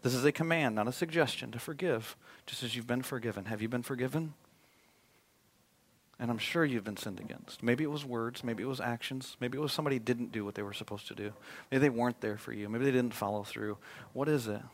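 A male pastor preaching a sermon, swinging from loud emphatic appeals to a hushed, prayerful tone. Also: mid-range voice, fairly quick, a little hiss or hum.

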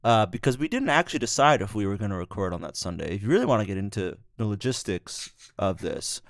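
Podcast co-host, young man, low-voiced, wry and laid-back, dry close mic. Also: animated, fast, no echo. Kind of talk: casual chat.

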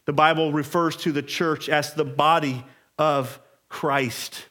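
A man's voice: a little high, fairly even intonation, slow, pushed and bright. A man preaching a Sunday morning sermon as pastor, emphatic and rising in intensity.

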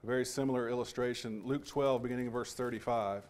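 A man delivers a Sunday sermon at a mid-range pitch. He talks in a measured, halting way, often restarting phrases, and reads scripture passages aloud. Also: steady tone, a little mellow. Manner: measured, with frequent restarts and pauses. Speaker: preacher.

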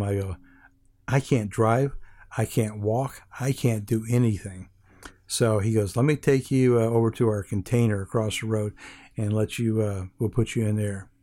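A man's voice: lowish voice, darkish tone. An older man from Hawaii, an interview guest telling a rambling anecdote with many restarts and fillers, acting out the other people's lines as he goes.

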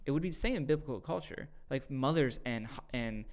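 A man's voice: medium pitch, expressive, fairly quick. Earnest man explaining scripture casually. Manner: earnest, acts out quoted voices with sudden loud bursts. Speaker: podcast host teaching scripture. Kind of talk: casual faith discussion.

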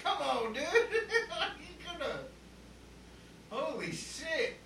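A man's voice: extremely high pitch, big pitch swings, drawn-out words, gravelly, pushed and bright. A man on a podcast joining drunk banter, teasing and laughing. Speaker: podcast co-host. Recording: distant echoey mic with noise.

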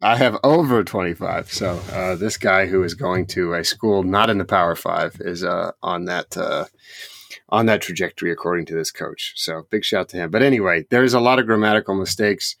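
A man with a lowish voice rambles through casual podcast chat, laughing easily and often starting sentences over. His voice is recorded dry and close. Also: moderate pace, gravelly, fairly bright tone, no room sound. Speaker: podcast co-host.

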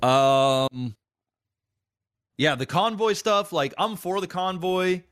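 A man's voice: high voice, takes it slowly, a bit bright. A man co-hosting a podcast, talking casually in a hesitant, stammering way with swearing. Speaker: podcast co-host. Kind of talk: casual chat.

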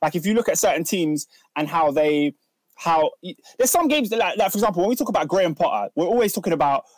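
Casting note: high-voiced man, rapid-fire football podcast host, dry close sound. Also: no room sound. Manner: fast, animated, repeats words when jumping in. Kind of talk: casual football chat.

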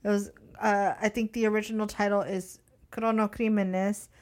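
A woman's voice: mid-range voice, little pitch movement, normal speed, darkish tone. Wry, sweary woman podcast co-host. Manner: wry, sweary, joking asides. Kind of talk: casual chat.

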